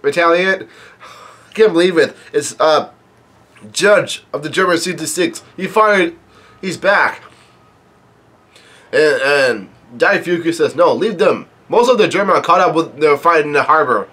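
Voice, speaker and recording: Halting man narrating a manga chapter. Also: a little high. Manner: halting, full of fillers and restarts; reads quoted dialogue flatly without acting. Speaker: manga reaction host. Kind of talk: casual chapter read-through commentary.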